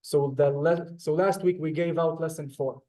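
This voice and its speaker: Male teacher, casual and talky, a bit high-pitched, video-call sound, lots of ums and restarts. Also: moderate pace, low-quality recording. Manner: relaxed, chatty, many fillers and restarts. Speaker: Hebrew teacher. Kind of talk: casual online class teaching.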